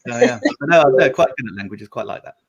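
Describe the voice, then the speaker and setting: A middle-aged Englishman, chatting casually on a live video panel. He tells long, rambling stories and laughs often as he goes. His voice sits at an ordinary, mid-range pitch. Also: animated, quick pace, breathy edge. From England. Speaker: panel guest. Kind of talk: casual chat.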